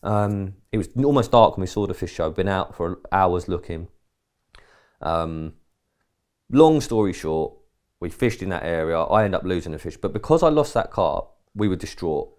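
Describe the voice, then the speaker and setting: A man's voice: low-pitched, lively intonation, moderate pace, a little mellow. A man from England co-hosting a podcast, telling a rambling anecdote in casual chat and acting out quoted dialogue with mild swearing. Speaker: podcast co-host.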